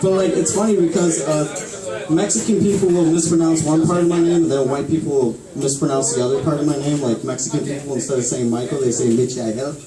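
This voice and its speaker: At a small bar open mic, a twenty-something comic fires off a rambling, profane set, chuckling at his own jokes. He talks fast in a slightly high voice with a steady tone. The room echoes, the mic sits far away, and crowd laughter fills the background.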